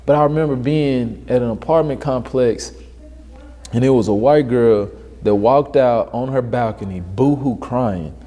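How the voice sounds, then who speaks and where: A young man from Dallas, a guest telling animated stories in a casual interview and acting out the voices he quotes. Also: mid-range voice, measured pace. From Dallas, Texas.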